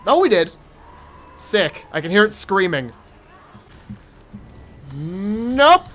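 A young man giving let's play commentary on a horror game, jumpy and profane, yelling at monsters and taunting them. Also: sits high, big pitch swings, very slow, pauses often. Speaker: gaming streamer.

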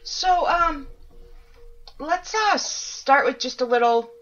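A woman's voice: high-pitched, lively intonation, slow pace, a bit bright. A woman podcast host with a New Hampshire accent, chatting casually and joking at her own expense. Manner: joking, self-mocking, casually swears. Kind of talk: casual chat. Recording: dull lo-fi audio.

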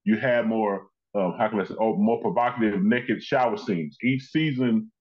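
A man's voice: on the low side, moderate pace, husky. A man hosting a casual chat, praising at length in loose run-on stories. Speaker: host. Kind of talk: casual conversation. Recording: slightly muffled audio.

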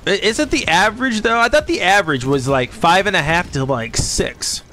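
A man streams a game and rambles freely, swearing as he talks, his voice pitched a little high. He jumps into squeaky high voices whenever he quotes someone. Quiet music plays faintly underneath. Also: expressive, normal speed. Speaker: livestreamer. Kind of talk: rambling casual chat while gaming.

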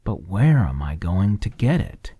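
A man voicing a small, cautious young meadow mouse in a soft whispered role-play, polite but firm. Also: low-pitched, big pitch swings, a little slow, husky, dry recording, clean studio sound, voice pushed up, heavily acted. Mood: wary. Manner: wary, polite, then firm.

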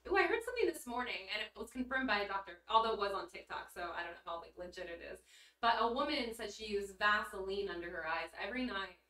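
Woman streamer, crisp bright tone, giggly and blunt, roomy off-mic sound. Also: mid-range voice, animated, fast talker. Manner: bubbly, giggly, blunt, swears casually. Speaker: livestreamer reading chat. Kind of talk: casual livestream chat. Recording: roomy echo, mic at a distance.

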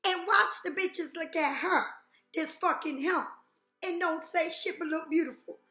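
Woman tarot reader, brassy and high, profane and direct, echoey room with faint music underneath. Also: bright, forceful tone. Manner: blunt, profane, rhetorical questions. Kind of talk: intuitive reading to viewers.

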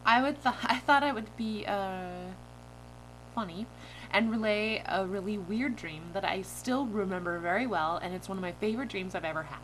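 A woman vlogger telling a story to her camera in a bubbly, giggly, animated way. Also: medium pitch, normal speed, slight background noise, poor audio.

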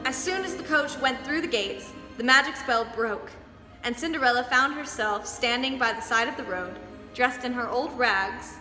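Young dance teacher reading a story to kids, bright high voice, echoey studio, faint music. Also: female voice, normal speed. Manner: lively, expressive read-aloud.

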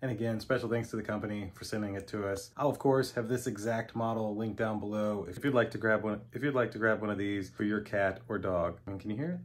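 A man's voice: steady tone, fast, hardly any pauses. A man vlogging a casual product setup and talking his viewers through each step. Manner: chatty, talks to his dogs in a high coaxing voice.

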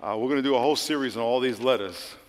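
Animated preacher in a big echoing hall. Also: male voice, medium pitch, racing. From United States. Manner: animated preaching, swinging from loud to hushed prayer. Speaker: pastor. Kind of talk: sermon. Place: large church hall. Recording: long hall reverb.

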